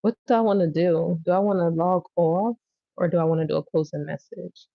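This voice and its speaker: A woman's voice: fairly low pitch, fairly even intonation, a little fast, creaky, no echo, narrow, tinny audio. Profane, laughing woman tarot reader. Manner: blunt, profane, laughs loudly and acts out scenes. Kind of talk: casual livestream tarot reading.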